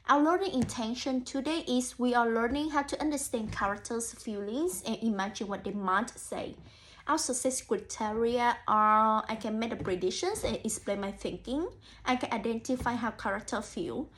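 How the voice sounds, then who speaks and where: A young woman student teacher reading a picture book aloud to children and thinking aloud about it in an encouraging way. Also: on the high side. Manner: encouraging, frequent 'so' and 'mm', addresses imagined children.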